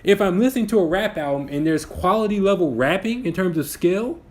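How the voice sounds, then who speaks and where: Animated and fairly quick, his high-pitched, a little mellow voice carries a casual podcast chat. He's a twenty-something co-host arguing his opinions, restarting sentences as he builds his points.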